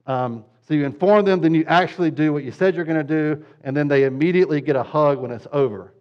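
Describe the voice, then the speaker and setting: A man's voice: fairly high pitch, fast, muffled recording. A pastor teaching parents in a casual, conversational way, with joking asides, who keeps checking in with his listeners.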